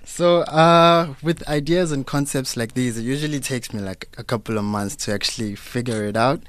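A young South African man, a business owner being interviewed on radio, relaxed and casual, laughing easily. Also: mid-range voice, moderate pace, no echo. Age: young adult. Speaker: guest entrepreneur. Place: radio studio.

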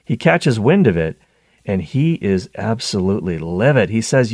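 A man hosting a show, giving a conversational teaching talk on scripture, animated and full of restarts. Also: lowish voice, moderate pace, dry recording, studio quality. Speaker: Catholic teacher and show host.

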